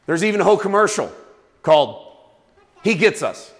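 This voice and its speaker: Animated conversational male preacher. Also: sits high, moderate pace. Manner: conversational, animated, with acted asides. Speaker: pastor. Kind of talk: sermon. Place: church.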